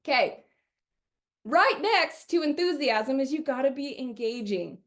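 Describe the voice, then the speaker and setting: A middle-aged woman from Wisconsin giving a chatty, energetic sales training webinar, often acting out what customers say. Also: high-pitched, a little slow.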